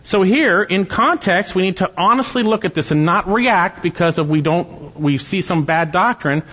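A man's voice: high voice, animated, moderate pace, sharp tone, breathy edge, big-room sound, highs cut off. A man preaching an expository sermon, earnest and teaching through rhetorical questions. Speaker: pastor.

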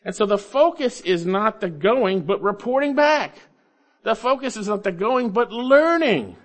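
A man preaching an expository sermon, emphatic, coaxing listeners along with rhetorical questions and swinging between loud stresses and low asides. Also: expressive, a little slow. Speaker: preacher teaching Bible grammar.

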